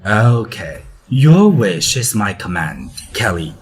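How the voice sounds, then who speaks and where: A man's voice: lowish voice, very animated, slow. A sneering ruthless young man. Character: ruthless arrogant young man, cold and scornful.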